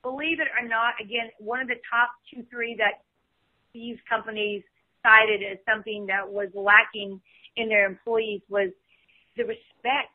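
A woman's voice: on the high side, fairly even intonation, normal speed. A woman in her fifties, a podcast guest speaking in casual chat, full of "you know" fillers. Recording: tinny phone line.

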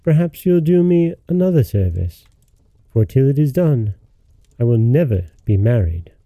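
A man voicing a proud young princess in a storybook reading, speaking firmly and stubbornly in his own gravelly voice. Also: medium pitch, sing-song, normal speed, dark tone, dry recording.

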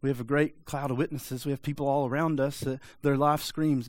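A man's voice: mid-range voice, steady tone, brisk, no echo. A man preaching a sermon, pressing his listeners with repeated rhetorical questions in a direct, urgent manner. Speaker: pastor.

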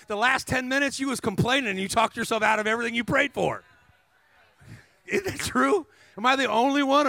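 A man preaching a sermon as a guest speaker, telling stories energetically with humor, asides to the crowd and emphatic shouts. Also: very high voice, gravelly, no room sound. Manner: energetic storytelling with humor and call-and-response asides; emphatic, rising to shouts at climaxes.

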